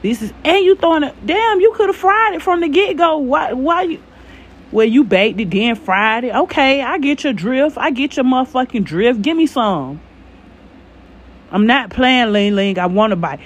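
A woman's voice: sits high, lively intonation, moderate pace. Woman riffing with profane exclamations. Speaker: reaction commentator. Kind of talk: comic reaction voice-over.

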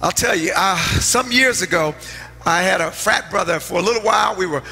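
A middle-aged man, a pastor preaching a sermon and telling stories, swinging from loud outbursts to hushed asides. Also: high voice, fairly quick, gravelly, breathy edge. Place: church sanctuary. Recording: long hall reverb, faint music.

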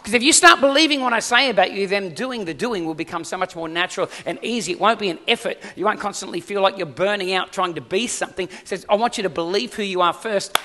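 Guy preaching a sermon, really high bright voice, chatty and asks the crowd stuff, long hall echo. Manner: conversational preaching with rhetorical questions. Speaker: pastor. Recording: reverberant hall.

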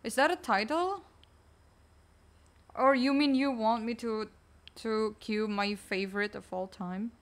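Woman streamer rambling to chat mid game, slow easy pace, kinda distracted. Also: a little high. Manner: chatty, distracted, answering chat aloud. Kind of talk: casual livestream chat while gaming.

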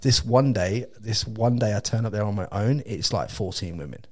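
English man telling a story, low-voiced. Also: normal speed. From England. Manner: animated, swearing, laughing storyteller with many restarts. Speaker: podcast host. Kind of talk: casual storytelling chat.

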